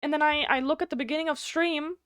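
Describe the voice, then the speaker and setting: A woman's voice: high voice, steady tone, fast talker, fairly bright tone, no echo, clean studio sound. A woman with a German accent, a native German speaker, chatting casually and bluntly on a live game stream, swearing freely, her voice slightly nasal.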